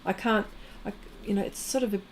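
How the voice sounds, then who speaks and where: A middle-aged woman with an Australian accent talks casually to her livestream viewers. Her speech wanders, with plenty of fillers and false starts, at an ordinary pitch for a woman. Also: steady tone, fairly quick, a little hiss or hum. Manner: rambling, chatty, many fillers and restarts. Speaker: artist livestream host. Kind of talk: casual chat with live viewers.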